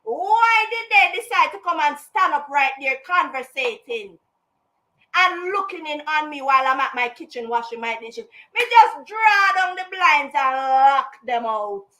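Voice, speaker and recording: A woman's voice: sits high, expressive, measured pace, pushed and bright. A woman, telling her own story on a casual live stream, indignant and emphatic, slipping into patois. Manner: slips into patois.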